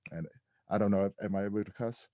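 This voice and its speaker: Male podcast guest, low and mellow, reflective storyteller, dry close sound. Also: fast, dry recording. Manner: reflective, animated when quoting others. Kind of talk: candid storytelling interview.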